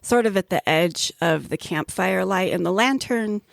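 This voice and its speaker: A woman's voice: medium pitch, moderate pace, creaky, no echo, studio quality. A woman narrating as game master of a tabletop game, describing scenes with easy laughter.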